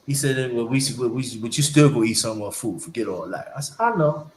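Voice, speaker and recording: A man's voice: medium pitch, expressive, a little fast, darkish tone. Rambling man with an echoey sound. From New York. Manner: rambling, repeats words, acts out family members' lines. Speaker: host telling a family story. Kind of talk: casual storytelling to a live audience. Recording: echoey room with faint background hiss.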